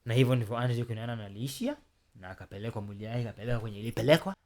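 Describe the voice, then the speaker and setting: A man's voice: medium pitch, very fast. Chatty Kenyan man telling a story. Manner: animated, chatty, addresses the audience directly. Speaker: storytelling channel host. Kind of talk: casual storytelling to viewers.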